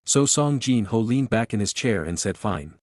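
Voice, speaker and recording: A man narrating a comic story recap in a plain, even reading manner. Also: medium pitch, moderate pace, no echo, clean studio sound.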